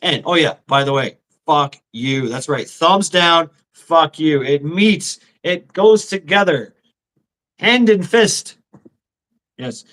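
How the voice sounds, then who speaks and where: A middle-aged male streamer rambles through crude, profane stories, laughing often. His voice sits a bit high and comes across bright and edgy. He sounds tired and short of breath. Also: expressive, slow. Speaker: livestream host. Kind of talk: casual livestream chat.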